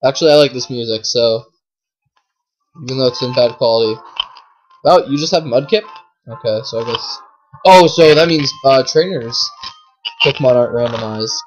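A woman giving casual commentary while playing a game, chatty with lots of fillers, swinging from low mumbling to shrieking outbursts. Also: normal speed, long pauses, highs cut off, soft background music. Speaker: gameplay commentator. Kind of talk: casual let's play commentary.

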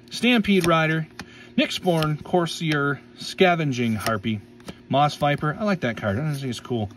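A man's voice: a little high, recorded from a distance. A man's voice, set a little back from the mic, chats playfully while he tears open card packs and reads out what he pulls. He stumbles over names and laughs them off. A faint hum of room noise sits behind him. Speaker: card-opening YouTuber. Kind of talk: casual pack-opening commentary.

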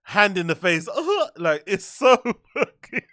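A man's voice: high-pitched, slow pace, bright, forceful tone, no room sound, clean studio sound. A man hosting a reaction video, mocking and swearing freely as he comments.

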